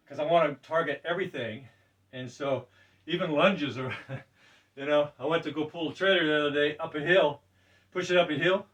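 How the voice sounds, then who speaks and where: Older guy talking through his gym routine, kinda high voice, sounds a bit away from the mic, chatty and laughing. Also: a bit bright, distant mic. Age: 60s. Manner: loose and chatty, laughs often, says "right?" a lot. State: breathing deeply between sets. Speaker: fitness presenter. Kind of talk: casual workout demonstration.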